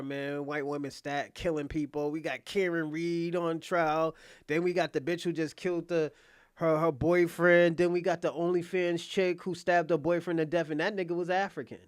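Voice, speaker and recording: A man with a high-pitched voice rants casually to his online viewers. He talks bluntly and profanely, keeps saying he is being honest, and laughs between lines. His voice is recorded dry and close. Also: clean tone, no echo. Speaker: online commentator.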